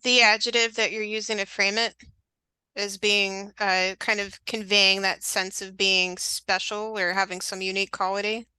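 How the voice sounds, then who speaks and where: A woman taking part in an online meeting and giving a thoughtful, measured answer. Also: medium pitch, little pitch movement, sharp tone, smooth, no echo, poor audio. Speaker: meeting participant.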